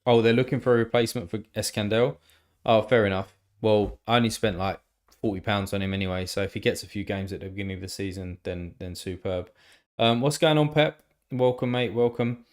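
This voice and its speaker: A man's voice: lowish voice, steady tone, fairly quick. A man chatting casually on a live stream, rambling and thinking aloud with lots of fillers and the odd swear word.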